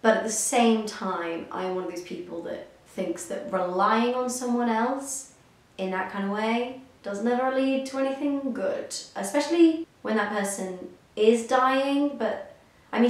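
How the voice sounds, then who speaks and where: A woman's voice: mid-range voice, a little mellow. A young woman vlogger giving a casual reaction commentary, gushing and rambling with self-deprecating asides. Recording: very echoey room, faint music behind.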